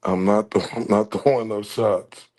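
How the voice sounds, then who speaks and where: A man's voice: fairly low pitch, fairly even intonation, a little slow, darkish tone. A man giving casual commentary, chuckling between phrases and often repeating himself. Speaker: commentary vlogger.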